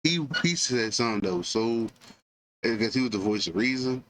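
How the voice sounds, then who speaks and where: A man casually retelling a film scene for a movie review, with animated storytelling full of fillers and asides. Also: medium pitch, brisk, rough recording.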